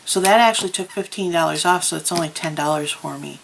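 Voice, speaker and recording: A woman's voice: lowish voice, fast, creaky, a little hiss or hum, rough recording. A woman vlogger chatting casually about crafts, telling stories with plenty of ums. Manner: chatty, storytelling with many ums. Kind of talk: casual chat.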